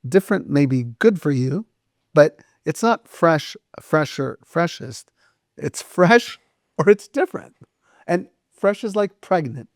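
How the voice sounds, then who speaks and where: Animated middle-aged man telling stories. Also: a little high, takes it slowly, dry recording, studio quality. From United States. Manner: animated storyteller acting out quoted dialogue, swears casually. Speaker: restaurant owner and guest. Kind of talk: casual storytelling interview.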